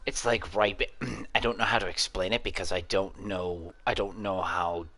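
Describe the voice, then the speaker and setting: A man's voice: low-pitched, steady tone, moderate pace, sharp tone. A young man giving casual, profane gameplay commentary, sometimes dropping to a whisper. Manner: swears freely, drifts into whispers. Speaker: gaming streamer.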